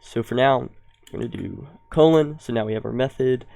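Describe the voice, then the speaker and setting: A young man walks through a coding tutorial in a smooth, clear voice at an ordinary pitch. He thinks aloud, dropping ums and correcting himself mid-sentence. The sound is close and dry, with keyboard typing nearby. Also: a little fast, mellow, no room sound. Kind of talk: screen-recorded coding tutorial.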